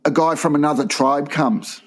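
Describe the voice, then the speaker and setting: A man co-hosting a crude comedy podcast, tossing in deadpan quips and shouted punchlines. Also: fairly high pitch. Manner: quick deadpan interjections, lively shouted bits. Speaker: podcast co-host.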